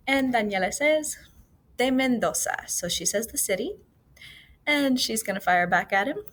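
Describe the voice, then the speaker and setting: A woman's voice: fairly high pitch, animated, fairly bright tone, slight background noise. Woman teacher walking through Spanish dialogue. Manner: explains step by step, reads Spanish phrases slowly to model them. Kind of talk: recorded class walkthrough. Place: school. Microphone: computer mic for a screencast.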